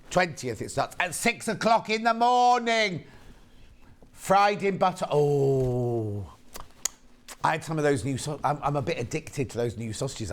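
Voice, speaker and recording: A British man hosts a live shopping broadcast in a chatty, camp and playful way. His voice sits a little high and swings widely in pitch as he chats about products and greets viewers. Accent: British English. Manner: chatty, camp and lively, reads out viewer messages. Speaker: shopping channel presenter. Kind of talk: live TV sales chat. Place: TV studio.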